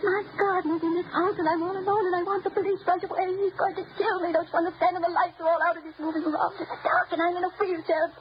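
A woman's voice: extremely high pitch, little pitch movement, fast, few pauses. An actress playing a nervous, fussy old woman in a wheelchair in an old radio drama. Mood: terrified pleading. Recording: lo-fi old radio recording with hiss.

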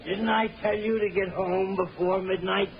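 A gravelly, drunken brute of a father. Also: high voice, fairly even intonation, moderate pace. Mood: angry. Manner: snarling, blustering threats. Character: drunken bullying middle-aged father, gruff and violent. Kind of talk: 1940s radio acting. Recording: muffled old radio recording with hiss.

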